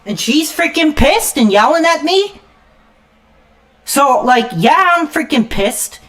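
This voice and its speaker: A woman's voice: high voice, big pitch swings, slow pace, a bit bright. Woman streamer, furious live rant, profane and stammering. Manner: repeats "frickin'" constantly. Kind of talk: angry live-stream rant while gaming.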